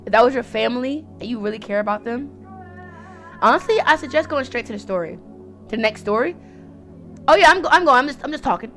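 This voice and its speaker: A woman's voice: a little high, animated, fast talker, long pauses, a bit bright, soft background music. A young woman streaming a story game, chatting and reacting aloud in a rambling way. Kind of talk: casual game commentary.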